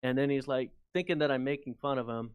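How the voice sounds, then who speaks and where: A man's voice: medium pitch, fast talker, clear, resonant tone, dry recording, dull audio. A man, a guest author and researcher, telling a long anecdote in a casual, rambling way with many fillers. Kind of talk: casual storytelling in an interview.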